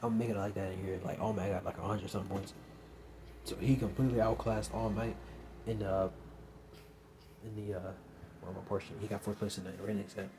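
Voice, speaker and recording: A man's voice: fairly low pitch, fairly even intonation, a little fast, long pauses, noisy background. A young man casually improvising a fan story, rambling with lots of fillers. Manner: rambling, filler-heavy, says "you know what I'm saying" often.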